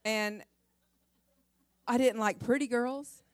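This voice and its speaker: Woman, middle-aged, humorous testimony sermon, animated, laughing often, higher voice, dry. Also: slow pace, no room sound. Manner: animated storytelling, acting out her own cries and laughing often. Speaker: pastor's wife and speaker.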